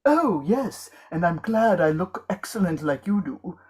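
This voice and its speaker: A woman's voice: lowish voice, sing-song, measured pace, a little mellow, slightly rough. A woman performing comic improv scenes, overacting with mock old English flourishes. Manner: over-the-top theatrical, mock old English. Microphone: video call.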